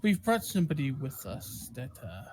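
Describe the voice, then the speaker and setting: A man's voice: mid-range voice, big pitch swings, normal speed, a little mellow, a little hiss or hum. A man speaking in character as a player in a tabletop game.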